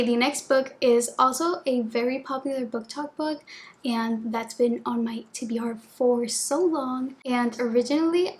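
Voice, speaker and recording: A young woman with a high, light voice talks casually to her viewers, gushing with excitement and filling her sentences with "like." Faint room ambience sits quietly under her voice. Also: a little hiss or hum. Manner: chatty, gushing, lots of "like" fillers. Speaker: book vlogger. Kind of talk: casual chat.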